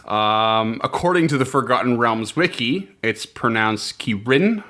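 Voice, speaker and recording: A man's voice: medium pitch, animated, unhurried, sharp tone. A man from eastern Canada co-hosting a podcast, chatting in an upbeat way and laughing often. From East Coast Canada. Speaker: podcast co-host presenting lore. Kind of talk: casual podcast chat.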